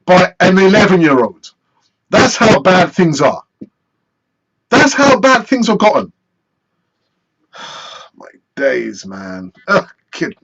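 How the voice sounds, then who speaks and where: A man hosting a live football fan stream, chatty and animated as he answers viewer messages. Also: high-pitched, husky, lo-fi sound. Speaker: football fan channel host.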